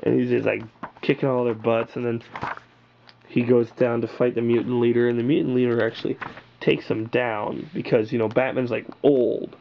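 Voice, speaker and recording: A man's voice: mid-range voice, little pitch movement, moderate pace, creaky, highs cut off, slight background noise. A man reviewing comic books on camera in a loose, rambling, enthusiastic way, full of filler words. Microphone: built-in camera mic.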